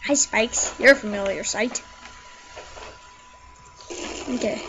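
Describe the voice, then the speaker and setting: A high-voiced woman doing let's play commentary, her pitch leaping all over as she squeals and shrieks at the game. She talks in an unhurried way, chattering jokily to herself between outbursts. Faint noise sits under her voice. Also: lively intonation. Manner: jokey running self-talk. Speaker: gaming video creator.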